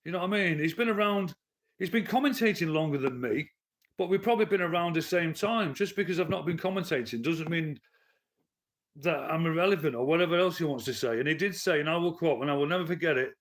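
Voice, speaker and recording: A man's voice: on the high side, fairly quick. A man, ranting bluntly and with swearing to his live-stream chat from his living room. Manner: blunt, profane, heated. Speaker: livestreamer and commentator.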